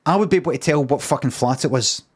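A man's voice: a little high, fast, slightly rough. A Scottish man with a Glaswegian accent, telling a rambling, dry story in casual live-stream chat. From Scotland. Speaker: livestreamer.

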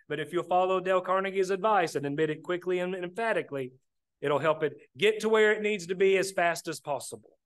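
A man's voice: high voice, animated, a little fast, a bit bright. A man preaching a sermon, plainspoken, often calling his listeners "brethren". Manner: plainspoken, addresses the congregation as brethren.

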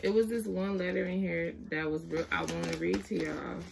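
A woman's voice: on the low side, moderate pace, gravelly, background noise. A young woman chatting casually to camera as a vlogger, often apologizing and talking to her baby while she looks through letters.

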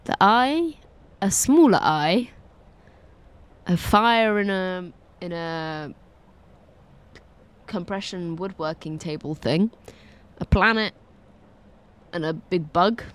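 In a lowish, clear, resonant voice, a young woman commentates her first run of a game, taking it slowly with long pauses but staying animated. Easily frightened, she responds to what she sees with frequent laughter and anxious exclamations.

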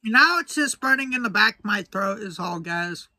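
A young man vlogging casually to camera, mouth burning from spicy food, talking slowly with breathy sighs between short remarks. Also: sits high, lively intonation, pushed and bright, no room sound, studio quality. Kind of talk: casual vlog talk to camera.

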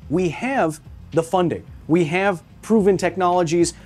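A man in his thirties, hoarse, hosting a scripted science explainer in a theatrical, wry manner that speaks straight to the viewer. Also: high-pitched, measured pace, a little mellow, soft background music. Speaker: science video host.

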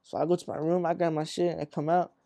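A man's voice: a little high, little pitch movement, fast talker, vocal fry, mellow. A young man from Arizona, a rapper being interviewed, telling a story in a rambling, profane way and acting out what people said. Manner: rambling, profane, acts out quotes. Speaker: rapper guest.

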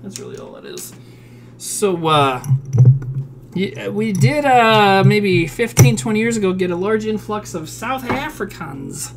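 Woman streamer in a kitchen, foul-mouthed casual cook, swoopy animated voice, noisy stream audio. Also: mid-range voice, measured pace. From South Dakota, US. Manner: profane, chatty, reads recipe steps aloud and answers chat. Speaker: streamer cooking live. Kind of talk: casual live-stream chat while cooking. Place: home kitchen.

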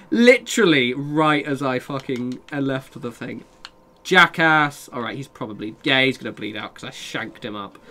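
Bright-voiced streamer, sweary. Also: male voice, medium pitch, lively intonation, a little slow. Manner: chatty, sweary, reads and answers chat. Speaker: game streamer. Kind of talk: casual live-stream chat with viewers.

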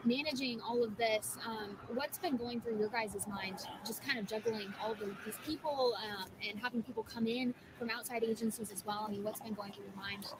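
A woman's voice: on the high side, moderate pace, few pauses. A woman reporter asking questions at an outdoor press conference, rephrasing hesitantly as she goes. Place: outdoors at a search site. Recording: outdoor questions with loud background noise.

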